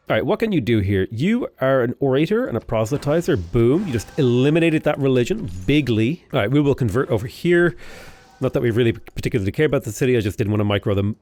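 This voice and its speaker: A man's voice: mid-range voice, a little mellow, a little hiss or hum. A young man chatting casually while playing a strategy game, rambling into jokey asides. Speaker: gaming YouTuber. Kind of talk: casual gameplay commentary.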